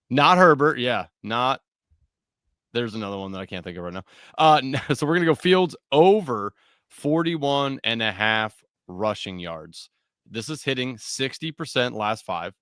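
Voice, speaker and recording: Bright-voiced man talking betting picks. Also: mid-range voice, expressive, a little slow, clear, resonant tone, no room sound, studio quality. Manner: laid-back, joking, laughs between picks. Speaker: co-host of a sports betting show. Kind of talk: casual sports betting chat.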